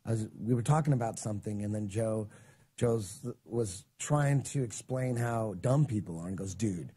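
Husky man in his forties telling a story. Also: on the low side, normal speed. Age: 40s. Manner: animated storytelling, acting out quoted exchanges. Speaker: guest. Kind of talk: casual chat.

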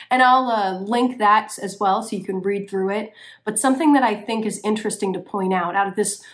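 A woman hosting her own video channel, talking to viewers in an earnest, conversational way with the odd "um". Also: mid-range voice. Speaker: YouTube channel host. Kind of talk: casual commentary to camera.

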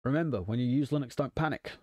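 A man talks through a software tutorial in a casual, wry way and makes light of his own mishaps. His voice sits at an ordinary middle pitch. The recording is dry and close, with no room sound. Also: fast talker, no room sound. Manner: wry, self-deprecating asides. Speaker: tech channel host.

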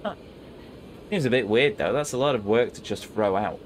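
A man's voice: medium pitch, moderate pace, a little hiss or hum. A man giving let's play commentary as a gaming host, with dry self-mocking asides. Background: game music.

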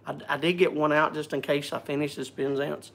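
A man's voice: on the high side, flat delivery, fairly quick, gravelly, a bit bright. Chatty joking man greeting viewers. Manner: stumbling over words, repeats himself. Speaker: live-stream host. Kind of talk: casual live-stream chat.

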